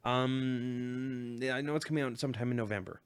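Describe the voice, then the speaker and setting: A young man co-hosting a podcast, chatting casually, eager and joking, quick to laugh. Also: medium pitch, smooth. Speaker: podcast co-host. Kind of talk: casual chat.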